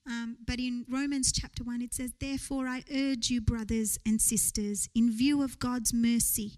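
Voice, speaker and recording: A woman's voice: on the high side, flat delivery, moderate pace, a little mellow, poor audio. A woman preaching a sermon in church, earnest, building to rising rhetorical questions.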